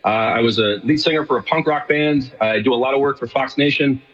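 A middle-aged man from New York speaks quickly, rambling through fillers and restarts, his voice a little husky. He comes in over a dull, lo-fi remote line. A long reverb trails behind him. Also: medium pitch, fairly bright tone. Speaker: guest. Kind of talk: casual radio interview.

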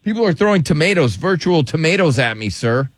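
A man's voice: a little high, big pitch swings, fairly quick, no echo. A man hosting a call-in quiz game, teasing the caller and mock-complaining about getting booed. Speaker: show host. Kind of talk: playful banter running a call-in game.

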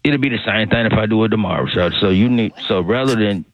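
A man's voice: fairly low pitch, fast talker. A man calling in to a radio comedy bit. He rambles in circles, repeats himself and keeps calling the host "shawty". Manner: rambling, repetitive, circles back to the same phrases; slangy, calls the host shawty. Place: on a phone call into a radio show. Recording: tinny phone line.

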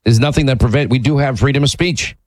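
A man's voice: medium pitch, fast, a little mellow, no room sound, poor audio. A man hosting a talk radio call-in show, blunt and emphatic, often restarting his sentences.

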